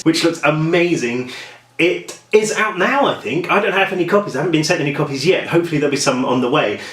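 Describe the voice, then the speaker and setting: A chatty man with a British accent talks to camera in a relaxed, self-deprecating way. He rambles a little as he tells a story. The room around him is echoey. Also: fairly high pitch. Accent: British English. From England. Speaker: author vlogging. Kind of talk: casual vlog chat and storytelling.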